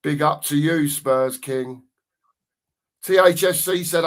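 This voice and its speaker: A man co-hosting a live football watchalong, giving casual commentary and reading out chat messages with plenty of banter. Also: a little high. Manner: banter-filled, drawn-out emphasis on goal calls.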